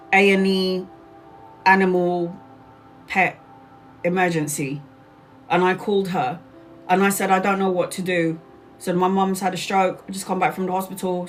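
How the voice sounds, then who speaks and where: A woman tells a story to her livestream audience in a casual, animated way. She swears freely and often says the same thing twice. Faint music plays under her voice. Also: on the low side. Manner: animated, swears freely, repeats herself, quick and expressive. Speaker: tarot reader and live streamer.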